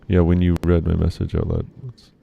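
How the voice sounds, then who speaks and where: A man's voice: deep voice, completely flat delivery, a little fast, vocal fry, dark tone, husky. A young man streaming a let's-play, talking casually and rambling to a friend on a call. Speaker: gaming streamer. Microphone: desk microphone.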